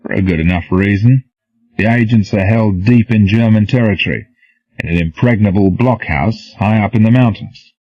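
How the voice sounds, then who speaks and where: A man voicing a calm, dry-witted commando leader. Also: fairly low pitch, normal speed, dry recording, close to an everyday voice. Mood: steady. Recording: dull, dry, lo-fi.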